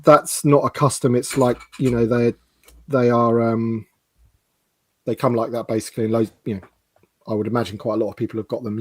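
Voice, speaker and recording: Male co-host, mid-pitched, dry sound, relaxed and chatty. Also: no room sound. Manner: chatty and jokey, drifts quickly between thoughts. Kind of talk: casual live-stream chat.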